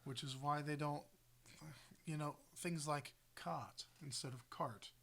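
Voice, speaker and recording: A man's voice: fairly high pitch, steady tone, slow pace, a bit bright. A young man co-hosting a podcast in casual chat, explaining things at length and correcting his co-host.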